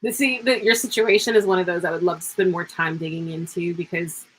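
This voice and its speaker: A woman's voice: on the low side, fairly even intonation, brisk, fairly bright tone, husky, poor audio. A woman in her thirties giving live psychic tarot readings, chatty and rambling, laughing often and calling viewers pet names. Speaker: tarot reader.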